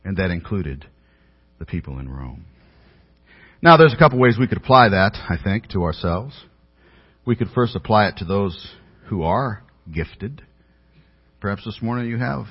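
A man with a deep, husky voice preaches a sermon as a pastor, telling earnest, self-deprecating stories about himself. The audio is dull, with a long hall reverb.

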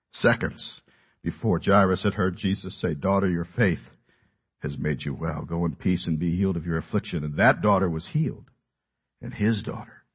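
A middle-aged man preaching a sermon in an earnest, emphatic way, dropping his voice low at key words. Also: husky. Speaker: pastor. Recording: dull lo-fi audio.

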